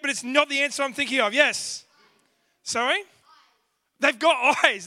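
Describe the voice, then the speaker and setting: Man with a very high, bright voice, runs a playful quiz for a church crowd. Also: moderate pace. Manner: playful, jokey, quizzing the crowd. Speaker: church speaker. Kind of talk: lively talk with a church audience.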